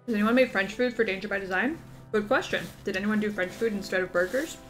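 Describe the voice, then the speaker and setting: A woman's voice: mid-range voice, fast, fairly bright tone, soft background music, poor audio. A woman gaming streamer chatting casually and jokily as she plays, gushing and teasing along. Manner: bubbly, jokey, gushing. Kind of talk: casual let's play commentary.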